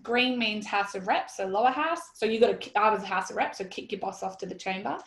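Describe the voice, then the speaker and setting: An Australian woman in her thirties telling a story in an interview, animated and blunt, quoting herself and swearing freely. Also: mid-range voice, fast. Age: 30s. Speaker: guest. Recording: roomy echoey sound.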